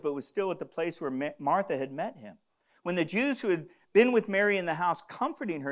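A man preaching a sermon, swinging between loud fervor and hushed, near-whispered passages. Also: high-pitched. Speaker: pastor.

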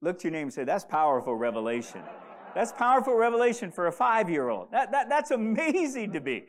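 A man's voice: high voice, sing-song, normal speed. A man preaching a sermon as pastor, often repeating and stumbling over words and having the congregation say verses aloud with him.

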